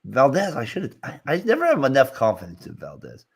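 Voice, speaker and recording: A man co-hosting a casual sports chat, rambling and halting with many fillers. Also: medium pitch, huge pitch swings, gravelly, slightly rough. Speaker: co-host.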